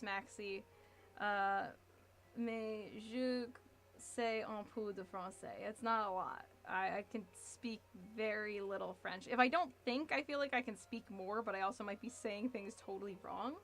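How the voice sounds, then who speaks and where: A woman's voice: medium pitch, normal speed, a bit bright. A woman in her thirties chatting casually on a livestream while building a model kit, reading chat messages and laughing often. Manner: chatty, giggly, reads chat aloud.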